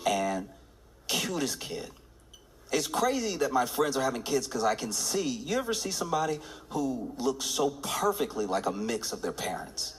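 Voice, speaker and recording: A man performing a stand-up comedy routine, telling a story with restarts and climbing into excited laughter. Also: medium pitch, normal speed.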